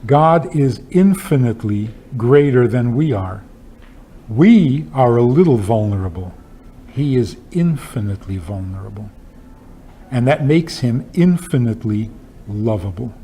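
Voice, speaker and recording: A man's voice: medium pitch, expressive, a little slow, warm tone, breathy edge. A man, a rabbi, giving a talk with humorous stories and pointed rhetorical questions in an emphatic, wry manner. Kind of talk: lecture with humorous storytelling.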